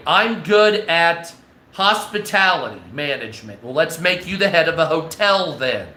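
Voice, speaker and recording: A man's voice: high voice, pushed and bright, roomy sound. A man hosting a livestream, rambling and swearing as he acts out imagined conversations in a casual monologue. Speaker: livestream host.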